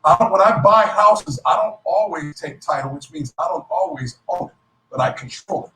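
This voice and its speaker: Speaking at a moderate pace with a fairly high voice, a man livens up a business event with a motivational talk laced with jokes. He calls himself a clown. The recording catches him from a distance, with the hall's echo around him.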